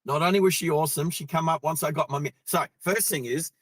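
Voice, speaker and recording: A man's voice: on the high side, quick pace, no room sound. Chatty Australian man talking while driving. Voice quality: chatty, laughs easily, many fillers. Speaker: driving vlog host. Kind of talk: casual storytelling while driving. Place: in a car on the road.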